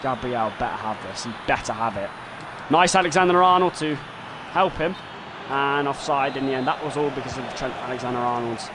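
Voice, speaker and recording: Swearing, high-voiced game streamer. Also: male voice, noisy background. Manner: swears and yells in frustration at the game, otherwise muttering play-by-play. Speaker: streamer playing a football video game. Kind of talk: live gameplay commentary.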